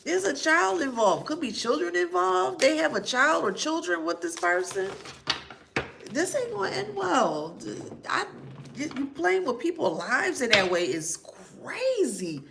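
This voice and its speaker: A woman giving a casual spiritual reading, laughing often and reacting with drawn-out disbelief. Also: high voice, sing-song, gravelly, background noise.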